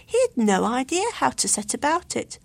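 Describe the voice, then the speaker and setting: Woman storyteller, slightly high voice, gravelly edge, dry close recording, expressive reading. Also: normal speed. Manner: clear expressive narration.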